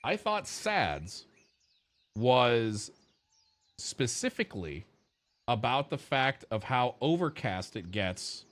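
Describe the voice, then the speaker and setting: A medium-pitched man speaks slowly, with frequent pauses, during a casual gaming livestream. His chat with viewers is rambling, lively, and peppered with swearing.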